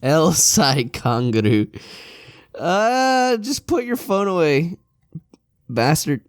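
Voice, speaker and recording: A man's voice: fairly high pitch, very animated, takes it slowly, smooth, no room sound, heavily acted. A man voicing a grandiose young self-styled mad scientist, reading game dialogue aloud with theatrical, pompous declarations.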